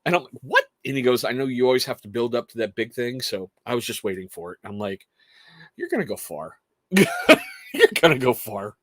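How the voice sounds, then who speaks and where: Guy hosting a chill stream, telling stories about his kids, laughs a lot, dry mic, mid pitch. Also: fast, dry recording. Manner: animated storytelling, laughs often. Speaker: podcast host talking to chat. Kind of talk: casual chat.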